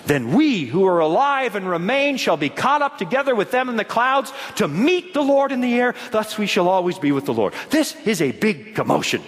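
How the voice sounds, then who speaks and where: A middle-aged male pastor preaching a sermon, swinging from quiet asides to shouted points. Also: sits high, very animated, a little fast, hardly any pauses, big-room sound.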